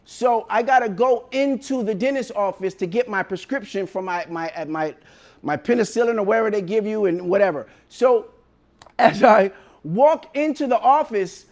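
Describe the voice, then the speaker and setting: A man telling a true story in casual slang, animated and profane, bursting into shouts at the peaks. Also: high voice, normal speed.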